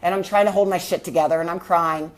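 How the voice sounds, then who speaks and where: A woman's voice: lowish voice, fairly even intonation, fast talker. A woman, a healing coach, telling a personal story in an earnest, reflective way, often asking her listeners questions.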